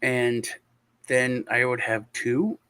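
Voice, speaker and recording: A man's voice: medium pitch, level tone, slow pace, fairly bright tone, clean tone. A man hosting a show, telling a long story in casual chat over a video call, with lots of restarts and sighs. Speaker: show host.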